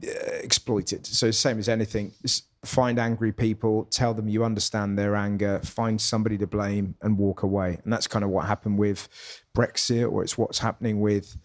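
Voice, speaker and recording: A man's voice: lowish voice, level tone, moderate pace, few pauses. A man with a British accent, a comedian guest, chatting in a pub, full of restarts and enthusiasm. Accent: British English. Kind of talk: casual chat.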